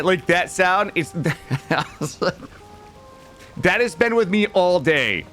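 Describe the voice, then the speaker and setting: Animated rambling male game streamer. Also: high voice, takes it slowly, faint music behind. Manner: rambling, animated storytelling, swears freely; greets chat members by name while playing. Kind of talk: casual livestream chat with viewers.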